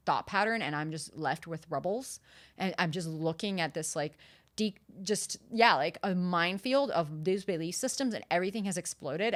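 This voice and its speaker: A woman hosting a solo podcast, retelling a personal story in an animated, casual way, with lots of fillers and the odd swear word. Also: sits low. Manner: casual, uses profanity. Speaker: podcast host.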